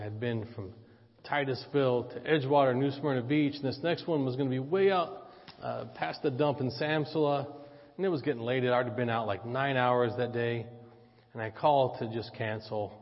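A man preaching a sermon, telling a personal story, joking with the congregation and switching between loud emphasis and quiet asides. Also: mid-range voice. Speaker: pastor. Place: church sanctuary. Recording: dull church audio with long reverb.

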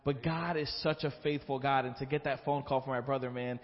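In a reverberant church hall, captured with dull sound, a man gives a sermon testimony during the offering: an earnest, emotional story followed by a prayer he leads. His mid-range voice stays steady and moves fairly quickly.

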